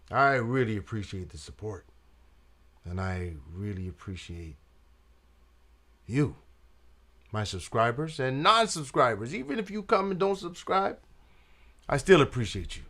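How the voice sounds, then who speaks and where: A man's voice: lowish voice, big pitch swings, measured pace, pauses often, a bit bright. A man hosting his own channel, telling a story in casual jazz slang and often saying "man" and "you dig". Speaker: trumpet player and channel host.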